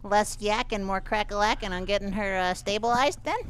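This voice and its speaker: A woman's voice: medium pitch, a little fast, clear, resonant tone. A woman playing a tabletop game with a playful, joking delivery. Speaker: player. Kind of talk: tabletop role-play chat.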